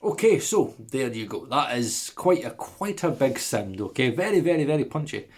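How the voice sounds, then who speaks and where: A man's voice: mid-range voice, very animated, normal speed, husky. A man hosting an audio production video in a casual, jokey, upbeat chat, repeating words for emphasis.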